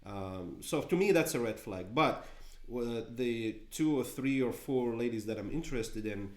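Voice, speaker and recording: Male client, halting and filler-heavy, echoey room. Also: mid-range voice. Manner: hesitant, many fillers, animated bursts. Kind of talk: casual answers in a Q&A.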